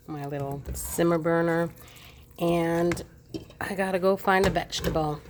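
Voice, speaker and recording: A woman chatting casually as she shows the family dinner in her home kitchen, homey and unhurried. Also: deep voice, a little mellow, slight background noise. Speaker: vlogger cooking for her family. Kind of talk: casual kitchen vlog chat.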